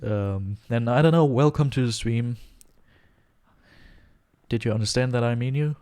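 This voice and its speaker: A man's voice: mid-range voice, moderate pace, a little mellow, clean tone. A man live-streaming a game from his home, rambling and joking to his chat with frequent chuckles. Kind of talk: live gaming stream chatter. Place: home room, alone.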